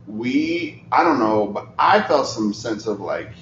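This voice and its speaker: A man giving a candid, animated personal monologue on a theater stage in an improv show. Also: fairly low pitch, measured pace, slight background noise. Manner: candid, animated, laughing between thoughts. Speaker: improv performer. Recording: echoey theater, dull sound.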